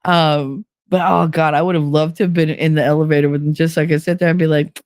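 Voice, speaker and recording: A woman's voice: sits low, level tone, fast talker, darkish tone, dry recording. Blunt, crude woman streamer, dry sound. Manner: reads chat aloud and tells stories; laughs often. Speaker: live-stream host. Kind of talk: casual live-stream chat.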